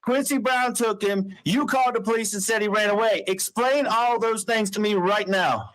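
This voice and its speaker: A man's voice: sits high, normal speed, a bit bright. A father on a phone call, angrily accusing and cursing, demanding the truth. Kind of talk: heated phone argument.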